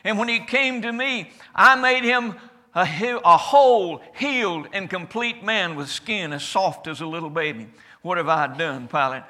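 A man preaching in the first person as Jesus, a calm and certain adult man, with a declamatory delivery whose loudness rises and falls. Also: high-pitched, moderate pace. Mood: solemn. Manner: declamatory, rising and falling loudness. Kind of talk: first-person sermon monologue.

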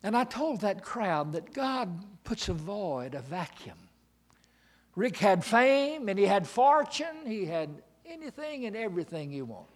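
A man's voice: sits high, big pitch swings, a little slow. Dramatic preacher man. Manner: dramatic swings from hushed to shouting. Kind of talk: sermon.

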